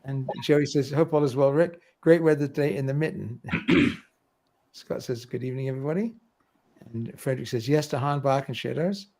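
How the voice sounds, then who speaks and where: A man's voice: mid-range voice, normal speed, a little mellow. A middle-aged man hosting a livestream, chatting casually, reading viewer comments aloud and laughing often. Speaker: livestream host.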